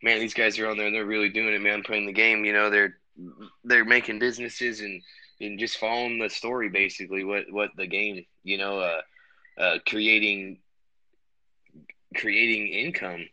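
Man, podcast host, very bright forceful tone, rambling casual talk, restarts a lot. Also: lowish voice, little pitch movement, normal speed, no echo, poor audio. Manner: loose and rambling, many restarts and fillers. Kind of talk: casual chat. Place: home bedroom. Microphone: remote recording.

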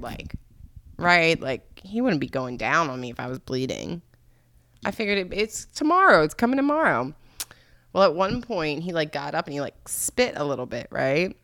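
A woman's voice: low voice, pushed and bright, no room sound. A young woman vlogging alone, telling a candid, crude story full of swearing and laughter.

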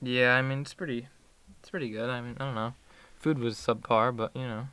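Bright-voiced teenage boy rambling casually. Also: medium pitch, fairly even intonation, a little fast, clean tone. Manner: rambling, many fillers and restarts. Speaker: student athlete guest. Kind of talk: casual interview chat.

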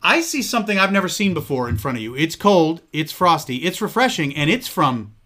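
A middle-aged man hosting a podcast in casual chat, jokey and quick to laugh. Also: on the high side, very animated, bright, forceful tone. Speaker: podcast host.

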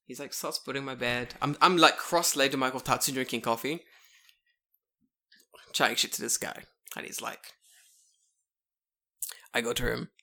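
A man chats casually. He tells an animated story, swears freely and slips into voices for the people he quotes. His tone is bright. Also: mid-range voice, normal speed, gravelly, pauses often. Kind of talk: casual chat.

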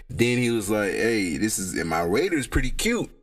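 A young man, talking casually to camera in a rambling, slangy, profane way, his pitch jumping up and down. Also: very animated, moderate pace, few pauses. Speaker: solo vlogger. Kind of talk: casual monologue.

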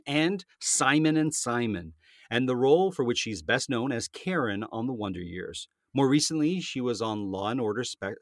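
A middle-aged male co-host with a mid-pitched voice reads birthday bios in a friendly, conversational way. He drops personal asides between the facts. The sound is dry and close-miked. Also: no echo. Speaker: co-host reading celebrity birthdays. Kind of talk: scripted entertainment segment with banter.

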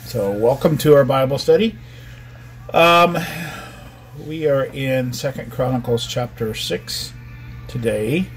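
Casting note: fifties male host, easygoing, meandering, full of ums, phone-recorded, soft music underneath. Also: mid-range voice, slow pace. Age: 50s. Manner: relaxed, rambling, frequent ums. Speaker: podcast host, ministry leader. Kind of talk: casual live Bible study chat.

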